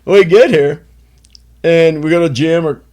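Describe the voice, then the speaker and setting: A man's voice: a little high, moderate pace, darkish tone. A man in his sixties from Chicago, telling rambling stories as a podcast guest, with lots of "you know" fillers. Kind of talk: casual storytelling chat.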